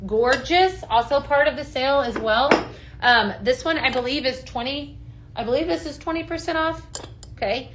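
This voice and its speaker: A woman's voice: high-pitched, moderate pace, a bit bright, a little hiss or hum. A woman consultant hosting a live product show, gushing and chatty, with lots of "just saying" and "right?". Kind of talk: upbeat live sales chat, reading viewer comments.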